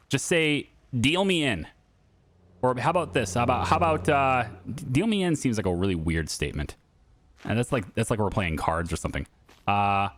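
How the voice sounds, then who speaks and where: A man's voice: mid-range voice, fairly bright tone. A man in his thirties chatting casually over gameplay, joking and sarcastic with his viewers. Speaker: gaming YouTuber.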